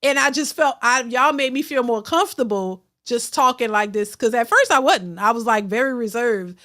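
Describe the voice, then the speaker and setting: A middle-aged woman talks casually to her livestream viewers, thanking them for super chats as she goes. She is blunt and outspoken, and she often stumbles and restarts. Her voice sits a little high for a woman. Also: normal speed, pushed and bright. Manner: outspoken, repeats herself, frequent restarts. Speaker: host of a reaction livestream.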